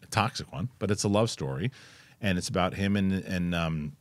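With a low voice at normal speed and no room sound, this male co-host rambles through a casual movie review chat. He restarts often and drops some swearing.

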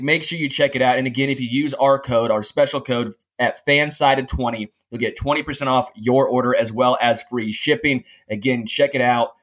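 A man's voice: medium pitch, fairly bright tone. A young man co-hosting a sports podcast, cracking puns and joking about himself in casual chat. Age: young adult. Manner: joking, self-mocking puns. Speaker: podcast co-host.

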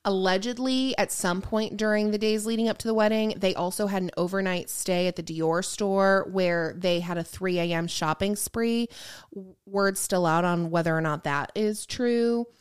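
A young woman tells a gossip story on a podcast in easy, rambling chat, with lots of "like" and "um". Her voice is smooth and clear, sitting at a middle pitch. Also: normal speed. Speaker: podcast co-host.

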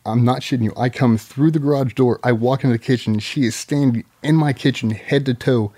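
A man's voice: mid-range voice, fairly quick. A man, a guest on a podcast, telling casual stories about his wife with swearing and mock voices. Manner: swearing, animated anecdotes; does loud mock voices when quoting his wife. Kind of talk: casual storytelling.

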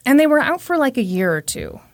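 A woman's voice: sits high, sing-song, a little fast, dry recording, studio quality. A woman hosting a podcast, telling a true crime story in a conversational way with wry asides. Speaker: podcast host.

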